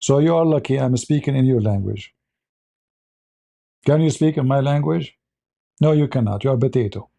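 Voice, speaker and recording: A man's voice: mid-range voice, normal speed, gravelly, long pauses, mellow. A man hosting a live commentary show, blunt and sarcastic, speaking in broken English grammar. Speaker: host.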